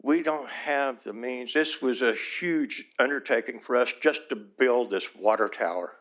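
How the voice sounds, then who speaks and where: A small-town mayor speaks during public comment at a city council meeting, his mid-range, fairly bright voice moving a little slowly. He sounds earnest and pleading, and emotion creeps in as he repeats his requests.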